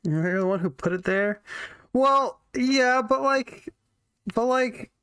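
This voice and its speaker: A woman's voice: a little high, slow, fairly bright tone, smooth, no room sound, studio quality. A woman streaming a video game, chatting casually with her viewers in a giggly, self-conscious way from her home. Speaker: vtuber streamer. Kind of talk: casual let's-play commentary. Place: home room.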